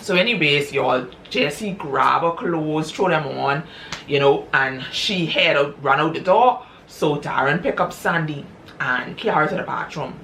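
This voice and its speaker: A woman casually retelling a story she wrote, chatty and drawn-out, often calling her listeners y'all. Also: deep voice, fairly bright tone, a little hiss or hum. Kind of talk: casual spoken story recap.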